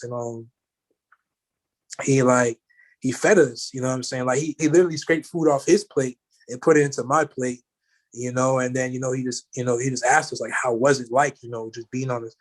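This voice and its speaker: A man in a casual talk, recounting a story at an easy, middle-pitched level and wandering through it with many "you know" and "like" fillers. His delivery is loose and conversational. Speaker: guest.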